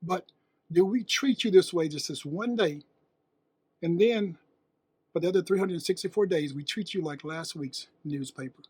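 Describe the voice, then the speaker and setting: A man's voice: high voice, moderate pace, darkish tone, slightly rough, dry recording. A man hosting a motivational monologue, preaching with rhetorical questions and emphatic repetition. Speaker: host.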